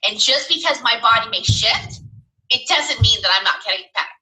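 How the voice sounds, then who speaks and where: A woman guest speaks with passion and emphasis. Her voice is high-pitched and very bright, with a sharp, forceful ring. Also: lively intonation, moderate pace, rough recording. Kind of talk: casual chat.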